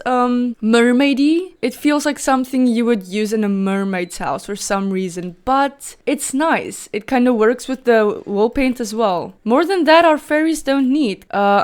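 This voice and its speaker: A woman's voice: medium pitch, a little mellow, smooth. A woman from South Africa, a native Afrikaans speaker with a South African accent, giving chatty, rambling gameplay commentary as a Sims YouTuber.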